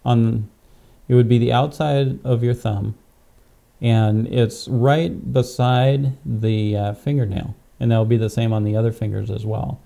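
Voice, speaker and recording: Man, pastor-teacher, very dark tone, gravelly fry, patient explaining, keeps asking okay. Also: medium pitch, steady tone, unhurried. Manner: patient, step-by-step, frequent "okay?" check-ins. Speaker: pastor teaching tapping technique. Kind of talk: instructional demonstration. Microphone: clip-on microphone.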